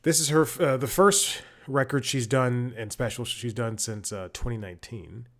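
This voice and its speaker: A man's voice: mid-range voice, moderate pace, fairly bright tone. A man hosting a podcast, giving a casual, rambling intro with self-corrections and chuckling asides. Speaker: podcast host.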